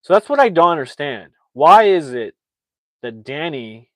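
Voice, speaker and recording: Rambling, excitable male movie reviewer. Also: a little high, measured pace, no echo. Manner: rambling, excitable, frequent restarts and "like". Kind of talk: casual spoken movie recap.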